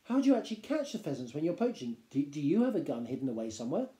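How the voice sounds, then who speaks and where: A man voicing an eager, excitable young boy who stammers as he talks, reading a storybook aloud. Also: very fast, echoey room. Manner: stammering, breathless, high-pitched.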